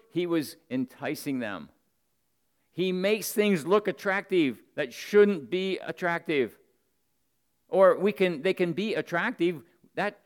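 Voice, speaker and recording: Man preaching with lively pitch swings. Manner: swings between loud emphatic bursts and low intimate asides; earnest, talks directly to the men in the congregation. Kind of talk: sermon.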